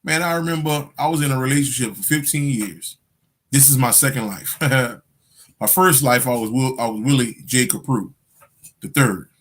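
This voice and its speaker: A man working as a spiritual guide, giving a casual livestream talk to his viewers in an animated, profane storytelling manner with frequent laughter. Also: medium pitch, normal speed.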